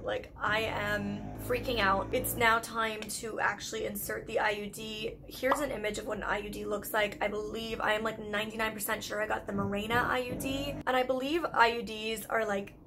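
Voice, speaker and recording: A woman's voice: mid-range voice, steady tone, fairly quick, hardly any pauses, music in the background. A young woman from Canada with a Canadian accent, telling a personal story in a candid, chatty vlog full of "like" fillers. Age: young adult. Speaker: YouTube vlogger.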